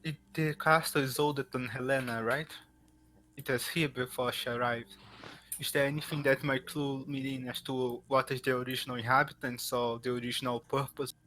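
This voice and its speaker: A man with a bright, forward voice takes his turn in a tabletop game. He speaks casually and searches a little for his words as he asks about the scene. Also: mid-range voice, flat delivery, normal speed, a little hiss or hum, rough recording. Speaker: tabletop player.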